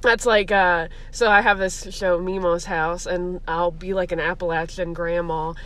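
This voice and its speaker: A young woman comedian from the Columbus, Ohio area chats casually as a guest on a podcast, rambling, saying "like" constantly, and giggling often. Her voice is fairly low and fairly bright, with fairly even intonation and a normal pace.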